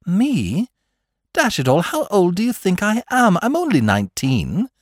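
A blunt, earnest young man of nineteen, plain-spoken and easily flustered, his voice pitched higher and more eager, as a male narrator does him. It sounds dry and close. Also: big pitch swings, moderate pace, a little mellow, no echo.

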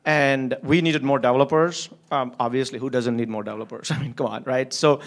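A man's voice: medium pitch, fairly even intonation, brisk. A man who runs a company, talking casually in an interview, candid and profane, with frequent restarts and a habit of chuckling through his stories. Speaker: company founder and CEO.

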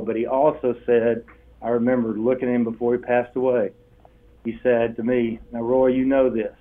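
An older man, a guest telling stories in an interview, lively and acting out the voices he quotes. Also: medium pitch, normal speed. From Texas. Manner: animated storyteller, acts out quoted voices with laughs. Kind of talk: storytelling interview. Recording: tinny phone-line sound.

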